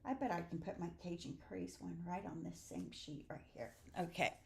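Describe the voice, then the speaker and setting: A woman's voice: fairly low pitch, a little hiss or hum. Chatty woman demoing a stamping craft. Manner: chatty, with frequent "okay?" and "um". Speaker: stamping demonstrator. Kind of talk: live crafting demo.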